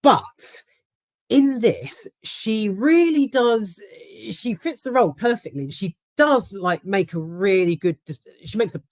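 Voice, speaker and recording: A woman's voice: mid-range voice, animated, measured pace, a little mellow, dry recording. A woman giving a casual, rambling spoken film review, emphatic and swearing freely.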